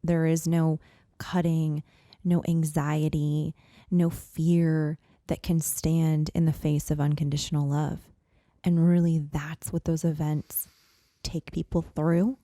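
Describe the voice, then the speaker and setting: A woman in her thirties telling a personal story as a podcast guest, earnest and animated, with lots of "like" and "you know.". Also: low-pitched, takes it slowly, dry recording, studio quality. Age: 30s.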